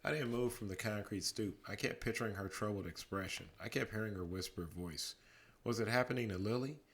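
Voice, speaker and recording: A man reading a chapter book aloud as a bedtime story, calm and measured. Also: lowish voice.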